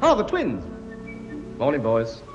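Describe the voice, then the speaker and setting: A man's voice: mid-range voice, wildly swooping pitch, a little mellow, dull audio, faint music behind. An actor playing a bossy, blustering king with a brash, mocking manner in a studio comedy. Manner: brash, mocking, quick put-downs. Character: bossy blustering king, many children, middle-aged man. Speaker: comic actor. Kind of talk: studio sitcom acting.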